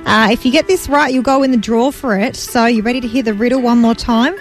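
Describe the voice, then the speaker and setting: Quick-witted female radio co-host. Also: a little high, steady tone, soft background music. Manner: quick dry quips, reads entertainment news. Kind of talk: casual breakfast radio banter.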